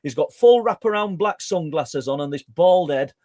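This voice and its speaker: A middle-aged guest researcher from Yorkshire, England, speaks with a Yorkshire accent in a slightly high voice at normal speed. He tells a long conversational story, animated and talkative, with many stumbling restarts. The recording is dry and of studio quality.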